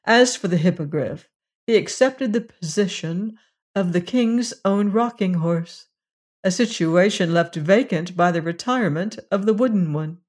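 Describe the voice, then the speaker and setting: A storyteller reading a fairy tale aloud in a gentle, measured way, as host of a weekly reading. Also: mid-range voice.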